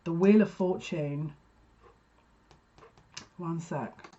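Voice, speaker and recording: A psychic gives viewers a casual, rambling card reading in a warm, medium-pitched voice, drawing out her words. She is chatty and keeps breaking off mid-sentence. The audio is dull.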